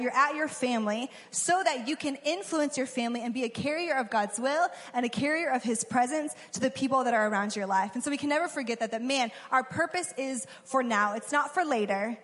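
A woman's voice: high-pitched, a bit bright. A young woman giving a casual, conversational sermon, acting out quotes as she goes. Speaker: preacher. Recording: long hall reverb.

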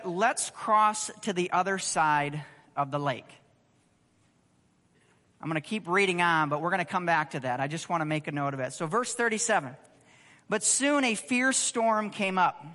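A man preaching a sermon, conversational and animated, asking the congregation rhetorical questions. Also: high voice, in a large hall. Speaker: pastor.

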